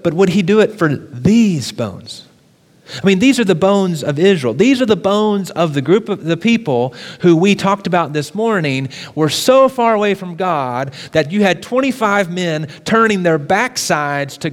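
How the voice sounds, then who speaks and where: A pastor preaches in a fairly high voice, building intensity through repeated questions. His words ring out with a long reverb, as if he speaks in a large sanctuary. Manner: preaching with rising emphasis and repetition. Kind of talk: sermon.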